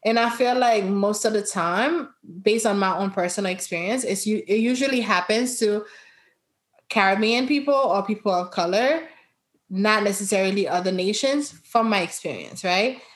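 A woman's voice: medium pitch, normal speed. A woman from Brooklyn in a casual chat, telling her view with animation and laughing as she talks. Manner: animated, laughs while talking.

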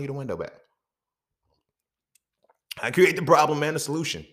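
This podcast host's voice is a little high and fairly bright, swinging widely in pitch at a normal speed. He rambles through a casual monologue laced with profanity and rhetorical questions.

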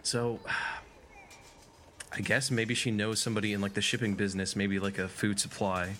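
Male player, low voice, thinks out loud and revises mid-sentence. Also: little pitch movement, a little slow, a little hiss or hum. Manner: thinking aloud, self-correcting. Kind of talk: casual tabletop play.

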